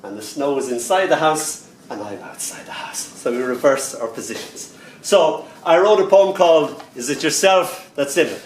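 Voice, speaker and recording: An older Irish man performing stories and poems live, animated and quick to slip into other voices with sudden leaps in pitch. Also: a little hiss or hum. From Ireland. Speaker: poet and storyteller. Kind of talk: live storytelling and poetry performance. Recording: roomy sound from a distant mic, faint ambience.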